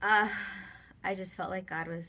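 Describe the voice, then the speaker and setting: A woman's voice: fairly low pitch, steady tone, moderate pace, bright, forceful tone. A woman vlogger telling a personal story in casual, rambling talk with many fillers.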